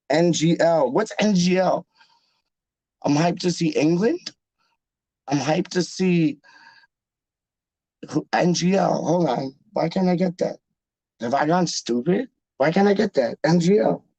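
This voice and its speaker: A man hosting a live stream, chatting casually with his viewers in an animated, jokey way full of slang. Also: fairly high pitch, unhurried, no echo, poor audio. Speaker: livestream host reading chat. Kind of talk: casual chat.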